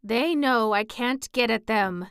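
A woman reads out a bossy tiger lily in a storybook, loud and scolding, her voice smooth and dry as it snaps at the chattering flowers around her. She is quick to take offence. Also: on the high side, no echo. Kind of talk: storybook character reading.

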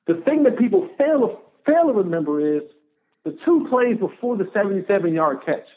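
A man, a former football player, telling a story as a podcast guest, animated and repeating phrases for emphasis. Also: sits high, normal speed. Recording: tinny phone-line audio.

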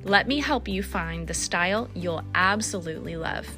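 A woman hosting a podcast, reading her own ad and chatting casually, upbeat and quick to laugh. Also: fairly low pitch, expressive, loud music behind the voice. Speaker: podcast host and stylist. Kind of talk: casual podcast talk with ad read.

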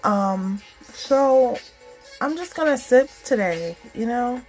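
Slow-talking woman podcast host. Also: fairly high pitch, animated, faint music behind, rough recording. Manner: warm, encouraging, rambling with many fillers. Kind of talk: casual heartfelt talk.

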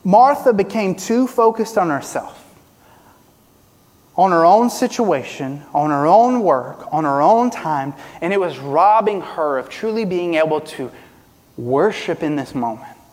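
A man preaching a sermon as pastor, asking the congregation rhetorical questions, rising and dropping from loud to quiet. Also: expressive, unhurried, long reverb tail. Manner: preaching with rhetorical questions, pitch and volume swinging widely.

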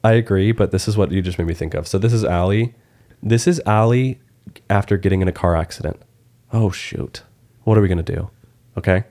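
A young man hosting a podcast, chatting casually and telling crude, animated stories about home life. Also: sits low, fast. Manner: joking, crude, animated storyteller. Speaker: podcast host. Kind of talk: casual chat.

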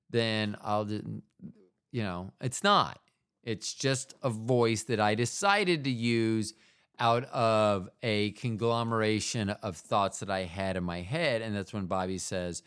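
An American man drifts through a casual podcast monologue at an unhurried, drawn-out pace. His voice is clean and smooth, his tone self-deprecating, and he keeps wandering off into little asides. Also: lowish voice, a bit bright. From United States. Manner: meandering, self-mocking, trails off into asides. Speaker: podcast host.

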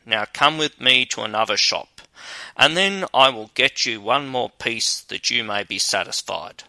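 A man voicing a clever, vengeful male sparrow in a fairy tale, in a brisk, confident manner. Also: medium pitch, animated, gravelly, pushed and bright, dry recording, full character voice. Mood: friendly.

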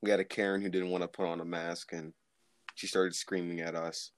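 A man's voice: low voice, little pitch movement, fairly quick, no echo. A man co-hosting a casual chat, easygoing and agreeable, thinking aloud as he talks. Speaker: podcast co-host.

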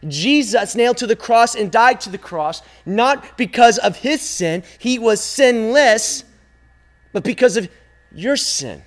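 Emphatic high-voiced man preaching. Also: expressive. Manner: repetitive, emphatic preaching with dramatic pauses. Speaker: youth pastor. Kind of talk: sermon.

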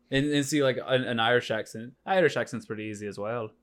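A man telling a goofy story, animated. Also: mid-range voice, quick pace. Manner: animated storyteller, trying out silly accents. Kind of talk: casual banter.

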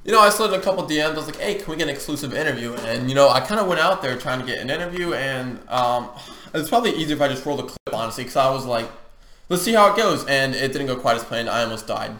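A man's voice: mid-range voice, fast talker, sharp tone, echoey room. A man co-hosting a casual podcast chat, loose and joking. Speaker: podcast co-host.

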